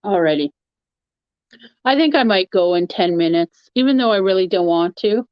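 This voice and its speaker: A woman's voice: mid-range voice, animated, moderate pace, clean tone, no echo. A woman hosting a live stream, chatting casually with her viewers and laughing often as she rambles. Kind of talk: casual chat answering a live chat. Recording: dull, lo-fi, dry sound.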